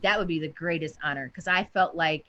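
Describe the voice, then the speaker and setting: A woman poet as a guest in a casual interview, telling animated, profane stories with excited outbursts. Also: low-pitched, brisk, dull audio.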